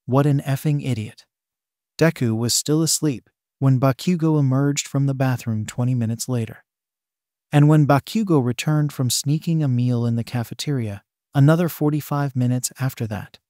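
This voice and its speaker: A man reading fan fiction aloud as narrator, with steady storytelling. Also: medium pitch, dry recording, clean studio sound.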